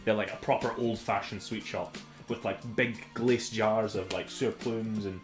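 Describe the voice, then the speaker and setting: A man's voice: on the low side, steady tone, a little slow, music in the background. A young man with a Scottish accent chatting casually on a cooking stream, rambling and full of fillers. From Scotland. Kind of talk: casual chat.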